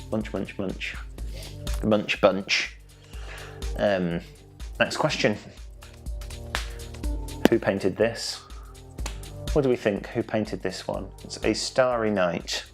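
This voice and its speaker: A man's voice: fairly low pitch, gravelly. A young man hosting an online quiz from home, playful and jokey, stumbling over foreign names. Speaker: quiz host.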